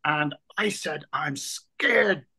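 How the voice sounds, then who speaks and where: A man's voice: on the high side, drawn-out words, gravelly, breathy edge. A man in his sixties, from Ireland, telling rugby stories as a guest in an interview, acting out the voices of people he quotes and repeating words as he searches for them. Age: 60s. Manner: lively raconteur, acts out quoted voices, repeats words when reaching for them. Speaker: guest, former rugby player. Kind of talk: anecdotal interview storytelling.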